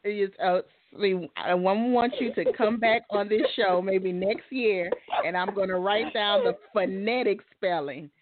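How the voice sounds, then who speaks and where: A woman's voice: mid-range voice, unhurried, a crowd in the background. A woman hosting a casual interview in a loose, friendly, conversational way. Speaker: host. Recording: dry phone-like sound.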